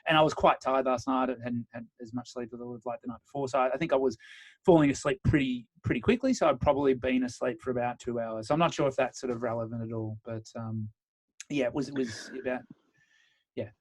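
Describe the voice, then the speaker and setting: A man's voice: mid-range voice, fast talker, no echo. A male podcast host in a mid-range voice talks easily and asks questions with many ums. He tells stories in a conversational way. The recording is dry and close. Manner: conversational, chatty storytelling, frequent ums. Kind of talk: casual podcast interview.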